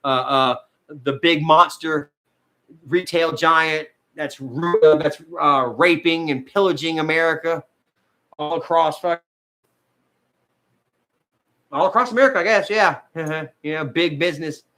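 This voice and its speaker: A man's voice: fairly high pitch, unhurried, pauses often, sharp tone. A man chatting casually as a vlogger, rambling and swearing, with man and bro tossed in often. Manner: rambling, profane, says man and bro a lot. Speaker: vlogger reading live chat. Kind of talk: casual chat.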